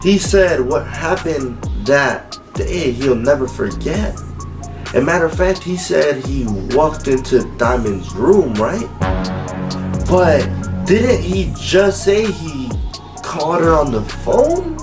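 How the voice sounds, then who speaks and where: A man hosting a reaction video, pausing a clip to challenge what was said, with music playing behind him. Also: a little high, big pitch swings. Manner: questioning, challenging, pauses the clip. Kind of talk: commentary on a played clip.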